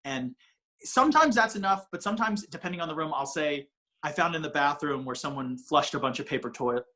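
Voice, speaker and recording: A man's voice: on the high side, lively intonation, fairly quick, bright, forceful tone. A man, a comedian guest, talking casually on a podcast in a rambling way with many restarts. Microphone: ring light setup, home video call.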